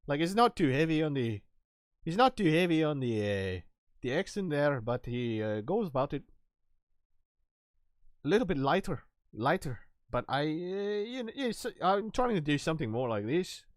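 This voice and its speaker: Young male streamer, rambling casual chat, lively swinging pitch, dry close sound. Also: dry recording. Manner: rambling, laughs, swears, acts out quotes.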